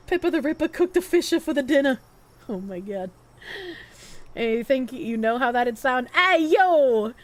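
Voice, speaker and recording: A young woman streams live, reading viewer gifts aloud and chatting loosely. Her voice sits high and swoops all over the place, jumping from loud squeals to low grumbles. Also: lively intonation, a little slow. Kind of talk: casual live-stream chat reading donations.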